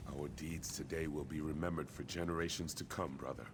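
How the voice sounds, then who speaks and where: A man's voice: extremely low pitch, steady tone, fairly quick, noisy background. An actor playing an earnest young warrior prince who speaks formally and urgently to his brother in a video game. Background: game music.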